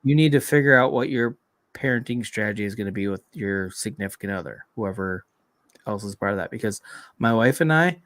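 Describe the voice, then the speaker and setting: A man's voice: lowish voice, fairly quick, a bit bright, no room sound. A man in his thirties co-hosting a podcast, talking in a blunt, profane, rambling way in casual chat. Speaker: podcast co-host.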